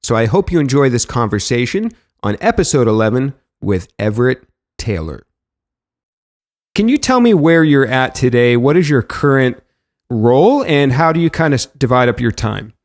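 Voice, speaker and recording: A man's voice: medium pitch, very animated, normal speed. A man hosting a podcast interview, upbeat and eager as he asks questions. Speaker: podcast host.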